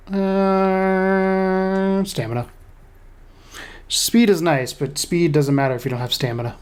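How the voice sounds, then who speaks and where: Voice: mid-range voice, a little mellow. A gamer casually commenting on their own play, chatty and talking to the screen. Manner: chatty, talks to self and the game. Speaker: let's play host.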